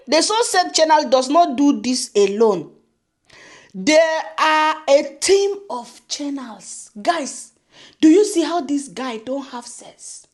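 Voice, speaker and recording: A woman's voice: sits high, expressive, slow pace. A young woman vlogger ranting sarcastically, scolding and laughing often as she reacts. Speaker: YouTube commentary vlogger. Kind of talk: mocking reaction rant.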